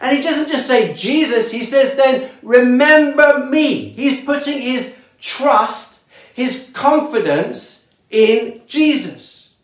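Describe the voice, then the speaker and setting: A pastor delivering a sermon with slow, deliberate preaching, letting key words fall softly for emphasis. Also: medium pitch, lively intonation. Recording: echoey room.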